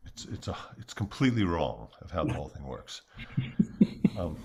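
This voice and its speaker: A male guest in casual chat, joking and animated. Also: extremely low pitch, normal speed.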